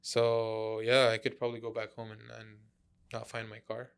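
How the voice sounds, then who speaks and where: A man telling a story as a guest on a casual podcast, lively and halting, acting out what people said. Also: fairly low pitch, clear, resonant tone. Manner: animated, acts out quotes, stumbles over words.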